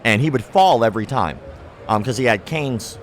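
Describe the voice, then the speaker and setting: A man's voice: mid-range voice, moderate pace, a little hiss or hum. A young man, a guest on a show, telling stories in a casual interview, acting out the people he quotes and swearing freely. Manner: animated storyteller who acts out quoted people, swears freely. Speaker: martial arts content creator, guest. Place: outdoors at a trade show.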